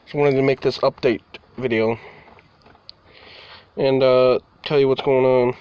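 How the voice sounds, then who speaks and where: A man's voice: mid-range voice, steady tone, a little slow, clear, resonant tone, dry recording, muffled recording. A man giving a casual vlog update, rambling and talking to his cats, with the odd mild swear word. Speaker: vlogger. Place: indoors near a door, partly outside.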